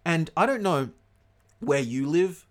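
A man's voice: a little high, expressive, takes it slowly. A man co-hosting a casual podcast, swearing constantly and spinning off into comic rants. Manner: profane, ranting comic tangents. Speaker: podcast co-host.

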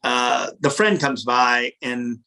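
A restaurant owner telling a story in his office, animated and profane, often repeating words when he gets worked up. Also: mid-range voice, slow pace. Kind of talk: casual storytelling in an interview.

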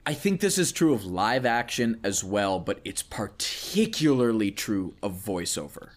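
Earnest man thinking out loud. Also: fairly low pitch, sing-song, a little slow. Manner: earnest, rambling, frequent restarts and fillers. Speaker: podcast co-host, voice actor. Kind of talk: casual podcast discussion.

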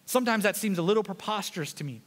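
A man pastor preaching a sermon in a fast, conversational way, with joking asides to the congregation. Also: high voice, lively intonation, in a large hall.

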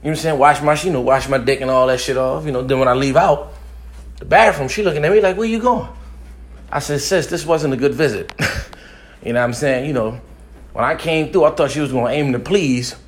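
A man's voice: medium pitch, quick pace. A young man telling a crude, boastful comic story, profane and often laughing as he talks.

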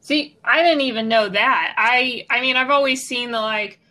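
A woman's voice: fairly high pitch, normal speed, pushed and bright. A woman co-hosting a podcast in a casual, joking, rambling chat. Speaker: podcast co-host.

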